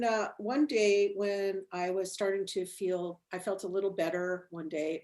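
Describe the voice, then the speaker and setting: A middle-aged woman with a slightly low voice tells her story in a loose, chatty way. She restarts her sentences, fills the gaps with "um" and "you know," and laughs easily as she talks. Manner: rambling, many restarts and fillers, laughs often. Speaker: interview guest, healer. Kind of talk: casual storytelling interview.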